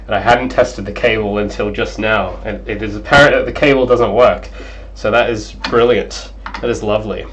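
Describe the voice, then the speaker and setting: A young man streaming as a game developer, chatting casually and excitably, apologizing often, over a cheap gaming headset mic. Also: lowish voice, moderate pace, muffled recording, a little hiss or hum. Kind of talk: casual livestream chat.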